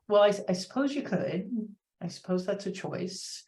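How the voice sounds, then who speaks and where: A woman's voice: medium pitch, moderate pace, a little mellow. A woman in her fifties, a coach, telling her story as an interview guest in an earnest, reflective way, with many fillers.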